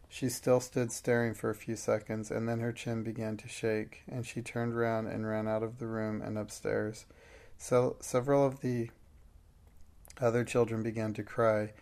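Fretful, timid sister, a man reading her part; puzzled chatter, flat delivery. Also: medium pitch, close to an everyday voice.

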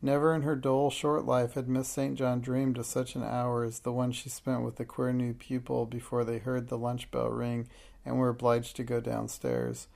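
A man reading a children's novel aloud as audiobook narration, measured and even. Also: medium pitch, vocal fry. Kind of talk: scripted narration.

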